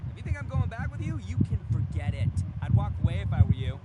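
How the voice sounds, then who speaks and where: A brash, boastful gang boss. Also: male voice, sits high, very animated, fast, very noisy. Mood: blustering. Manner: swaggering, stammering bluster.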